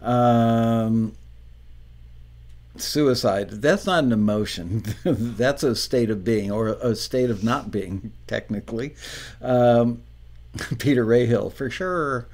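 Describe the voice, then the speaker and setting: A man's voice: mid-range voice, slow pace, a little mellow. A man hosting a music review show, chatting casually through viewer comments with dry jokes and frequent ums. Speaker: show host reviewing songs.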